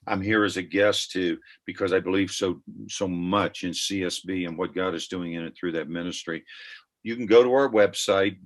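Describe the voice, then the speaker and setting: An older man with a notably low voice talks earnestly as a podcast guest. He is reflective and conversational, drawing on personal stories. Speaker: guest, ministry founder.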